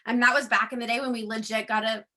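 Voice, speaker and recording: Woman, middle-aged, personal testimony, chatty, frequent ums, higher voice, crisp bright tone. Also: little pitch movement, quick pace. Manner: chatty storyteller, acts out quoted dialogue; frequent ums, addresses audience as guys. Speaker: network marketing speaker.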